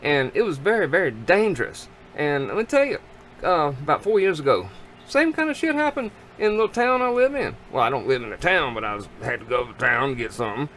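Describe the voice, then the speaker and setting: A middle-aged man with a drawl rambles through a story in a folksy way, his fairly high voice leaping up and down. He talks to the camera outdoors by his grill, with faint outdoor ambience behind him. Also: very animated, a little fast, a bit bright, slight background noise. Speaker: vlogger.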